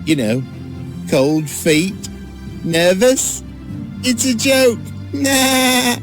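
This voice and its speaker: A man's voice: very high voice, sing-song, drawn-out words, full character voice. A man voicing a playful, sneezy young creature who tells corny jokes, in a children's church show. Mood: jokey. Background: music.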